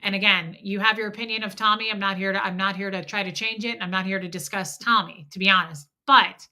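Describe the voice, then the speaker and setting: Bright-voiced woman livestreaming. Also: medium pitch, fast. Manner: candid, animated retelling with acted-out quotes and swearing. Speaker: livestream host. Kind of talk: casual live chat storytelling.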